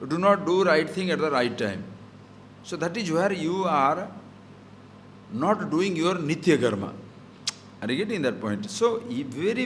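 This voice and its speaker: A spiritual teacher gives a scripture talk, working Sanskrit verses into his English and explaining them with everyday examples and rhetorical questions. His voice sits on the high side and is a bit bright, with a little hiss or hum on the recording.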